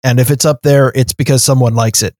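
A man co-hosting a podcast, telling stories in animated, casual chat with laughs. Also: mid-range voice, fairly quick, no room sound, studio quality. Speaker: podcast co-host.

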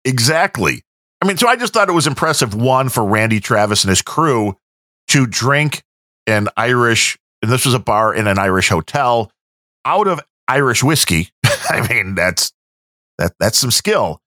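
This podcast co-host, a man with a Midwestern American accent, tells stories in a mid-range voice at a moderate pace. The studio-quality audio has no room sound. The talk is casual and lively, full of frequent laughter and impressions of others.

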